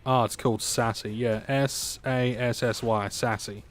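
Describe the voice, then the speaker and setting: A young man with an Australian accent talks loosely to his live-stream audience, joking and wandering off on tangents. His voice sits at an ordinary middle pitch, and a faint music track plays underneath. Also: steady tone, measured pace. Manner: joking, rambling, chatty. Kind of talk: casual chat with stream viewers.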